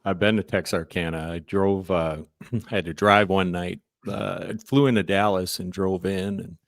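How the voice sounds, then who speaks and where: A man's voice: deep voice, fairly even intonation, moderate pace, creaky, no room sound, studio quality. A man co-hosting a casual music business chat, folksy and rambling with lots of fillers. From Wisconsin. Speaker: co-host. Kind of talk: casual video podcast chat.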